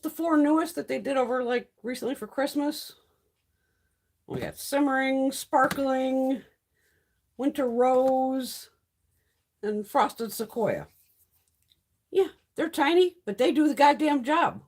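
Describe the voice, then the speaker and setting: A woman with a high, slightly mellow voice speaks slowly and pauses often. She's hosting a casual beauty livestream, reading viewer comments and giving blunt, heavily profane opinions. Her talk is chatty and rambling, with frequent restarts.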